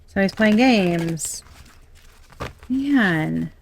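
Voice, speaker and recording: A woman's voice: medium pitch, lively intonation, drawn-out words, gravelly, a little hiss or hum. A young adult woman doing a casual tarot reading, chatty and blunt, swearing and laughing often. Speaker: tarot reader.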